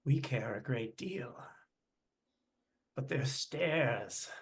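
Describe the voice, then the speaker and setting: A man's voice: mid-range voice, animated, drawn-out words. A man voicing a vain, theatrical dandy who speaks with a royal we, pompous and grandly condescending. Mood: languid, grand.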